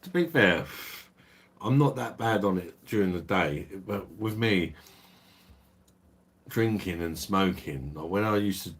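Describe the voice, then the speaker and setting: A man's voice: sits low, lively intonation, a little slow, long pauses, breathy edge. A man with a South East London accent hosting a casual livestream, answering viewer comments with laid-back blokey banter and the odd swear. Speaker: livestream host.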